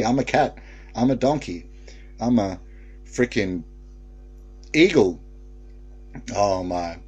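A man's voice: deep voice, darkish tone, slight background noise. A man hosting a casual live stream, reading viewer comments aloud and laughing often.

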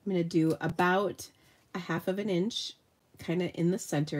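During a live crafting demonstration, a middle-aged woman hosts a card-making tutorial, chatting and poking fun at herself as she talks through her work. She speaks at normal speed with a steady tone, her voice on the low side and slightly nasal.

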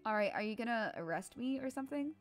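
A woman's voice: fairly high pitch, expressive, fast talker, natural voice. A flippant, sarcastic young cat from a video game talks back, read by a woman in her own voice. She sounds casual and dismissive. Faint music sits behind her. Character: sarcastic young adult female cat, restless.

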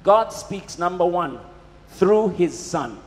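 Animated preacher man in an echoing hall. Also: sits high, slow pace. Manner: questioning, emphatic. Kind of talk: sermon.

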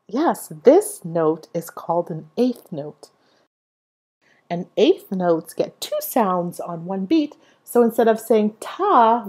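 A woman's voice: medium pitch, darkish tone, breathy edge. A young woman teaching a music lesson to small children, cheerful and encouraging, inviting them to say rhythms along with her. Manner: slow, cheerful sing-song teacher talk with call-and-response prompts.

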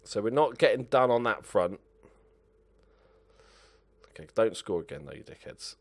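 A man's voice: on the low side, animated, unhurried. A young man playing a football management game, muttering to himself and swearing at his players as he comments. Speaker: gaming channel host.

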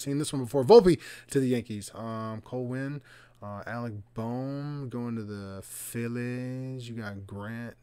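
A man hosting a live trading card box break, bantering loudly with viewers and teasing them in coarse language. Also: mid-range voice, clean tone.

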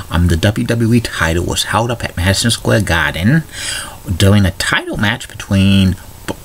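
A man's voice: deep voice, a bit bright, a little hiss or hum. A man hosting a casual morning video blog, reading a chatty rundown of news items and trivia with small restarts. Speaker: video blogger.

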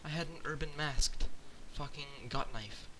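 Young man, casual gameplay commentary, drawn-out slow talk, steady hiss behind. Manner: mutters and whispers quietly at first, then shouts in wild excitement. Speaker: gamer opening cases. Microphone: cheap computer mic. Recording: hissy low-quality mic.

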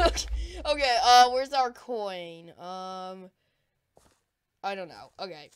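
A woman giving excitable live gameplay commentary, with frequent panicked cries and laughter. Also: medium pitch, takes it slowly, clean tone. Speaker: gaming video creator. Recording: loud background noise.

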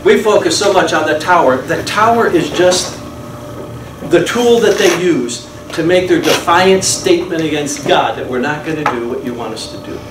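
A man's voice: fairly high pitch, lively intonation, moderate pace. A man leading a church Bible study, explaining scripture in a conversational way and quizzing the class with questions. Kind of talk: interactive Bible study lesson. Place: church meeting room. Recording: echoey room, distant mic, noisy.

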